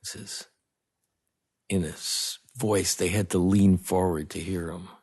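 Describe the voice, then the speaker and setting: A man, a guest film director, telling anecdotes in a lively way and acting out the lines of the people in them. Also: deep voice, measured pace, husky. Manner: animated storyteller, acts out dialogue. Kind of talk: anecdotal storytelling.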